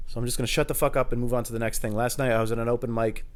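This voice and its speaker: A man's voice: medium pitch, level tone, racing. A man rambling alone for his podcast at home in the kitchen, casual, profane and self-deprecating. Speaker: podcast host. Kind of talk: solo rambling monologue.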